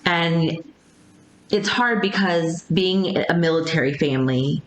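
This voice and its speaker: Low-voiced woman, hesitant podcast guest. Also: a little slow. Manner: hesitant, many ums and restarts. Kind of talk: casual interview chat. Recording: echoey room.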